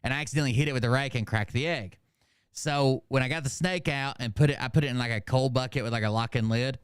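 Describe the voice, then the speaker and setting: A man's voice: mid-range voice, fast, clean tone, dry recording. Middle-aged man, casual profane storyteller, clean resonant voice, dry close sound. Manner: animated, profane, laughs at his own stories. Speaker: host.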